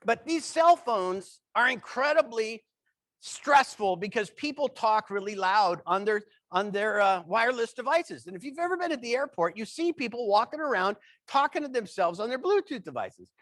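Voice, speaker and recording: Humorist keynote speaker, man, high-pitched, playful storytelling, dry close mic. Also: normal speed, dry recording. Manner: animated, playful comic delivery.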